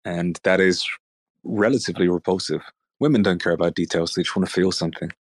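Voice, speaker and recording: A man with a British accent and a deep baritone voice, teasing the others in deadpan casual chat on a group voice call. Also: fast talker.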